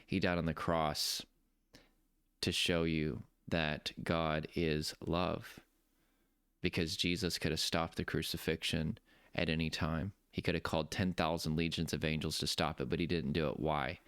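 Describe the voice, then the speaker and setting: Man, coach type, earnest faith talk; deep and gravelly with a smooth, dry sound. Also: little pitch movement, fairly bright tone, dry recording. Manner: earnest, preacherly, slows down for emphasis. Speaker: nervous system coach. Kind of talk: heartfelt personal faith talk.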